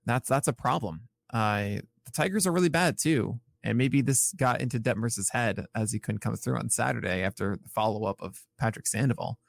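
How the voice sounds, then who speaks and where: A man co-hosting a casual podcast, rattling off pitching numbers in a loose, self-correcting way. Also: normal speed, creaky, hardly any pauses. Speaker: podcast co-host. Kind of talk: casual podcast chat about pitching stats.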